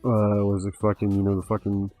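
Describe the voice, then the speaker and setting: Low, mellow-voiced man rambling on a stream. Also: monotone, a little fast, faint music behind. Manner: rambling, heavy swearing, lots of fillers. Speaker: livestream host. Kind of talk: casual livestream chat.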